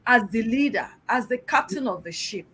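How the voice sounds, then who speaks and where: A woman's voice: a little high, animated, normal speed, a bit bright, a little hiss or hum, poor audio. A middle-aged woman from Nigeria, a public relations expert answering interview questions in an emphatic, exhorting way, full of rhetorical questions.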